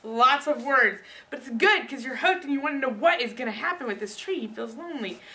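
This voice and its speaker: A woman student giving a casual book talk presentation, chatty and animated, speaking straight to her listeners. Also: sits high, fairly quick, far from the mic.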